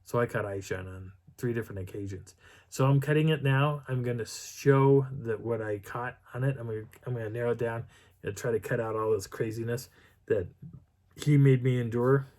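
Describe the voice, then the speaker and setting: A middle-aged man telling a story on his video channel in a casual, animated way, acting out what people said. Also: moderate pace. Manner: animated, acts out quotes with pitch jumps and whispers. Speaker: vlogger.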